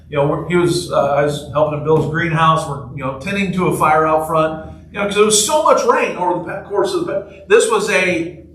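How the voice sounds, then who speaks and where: Chatty pastor in an echoey church. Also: male voice, on the high side, a bit bright, a little hiss or hum. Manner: chatty, jokey, asks the congregation questions. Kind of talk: casual storytelling sermon. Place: church sanctuary. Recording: echoey room, voice from far off.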